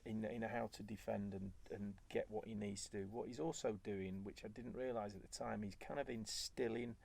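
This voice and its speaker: A former footballer as a guest, telling stories in relaxed chat and acting out what was said. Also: male voice, on the low side, moderate pace, creaky, breathy edge. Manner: animated, acts out quoted remarks. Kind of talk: conversational storytelling.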